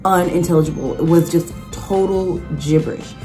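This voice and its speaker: A young woman vlogging in a casual, animated way, sarcastic and full of restarts. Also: on the low side, normal speed, soft background music. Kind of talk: casual chat.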